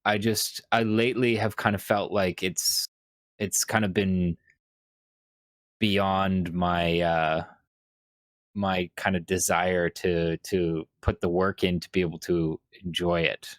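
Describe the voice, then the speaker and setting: A man co-hosting a casual gaming podcast, talking in a thoughtful, measured way with many fillers. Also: deep voice, little pitch movement, dry recording. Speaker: podcast co-host. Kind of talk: casual chat.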